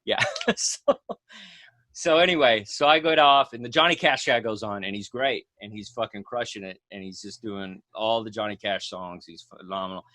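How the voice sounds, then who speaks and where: A male comedian guest on a podcast, telling a rambling, animated story and swearing freely. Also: fairly low pitch, normal speed, no echo.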